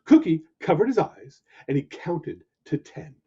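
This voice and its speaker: Slow, animated male storyteller. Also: on the high side, breathy edge. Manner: animated, expressive narration. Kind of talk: children's story reading. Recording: dull lo-fi recording.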